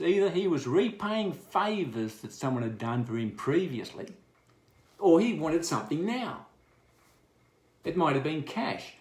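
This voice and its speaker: A man's voice: a little high, a little mellow, roomy sound. An Australian man delivering a scathing, crude and sarcastic political rant. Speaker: political commentator. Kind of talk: ranting political monologue.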